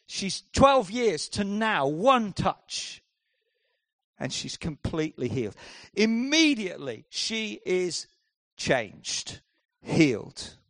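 A man delivers a sermon in a fairly high voice, recorded dry and close. He swings from hushed, drawn-out lines to loud, driving bursts. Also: dry recording. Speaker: preacher.

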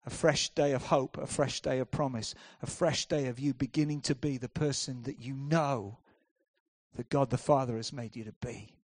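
A man preaching a sermon, swinging between hushed, slow lines and loud, driving ones. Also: on the high side, no room sound, clean studio sound. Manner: dramatic swings from hushed to loud, acts out voices.

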